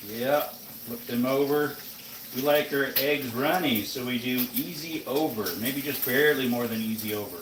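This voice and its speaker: A man's voice: mid-range voice, moderate pace, background noise. A man chatting casually on a live stream while he cooks, sleepy and rambling as he talks to his viewers. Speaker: live streamer cooking breakfast. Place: home kitchen, indoors. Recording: roomy kitchen, mic off at a distance.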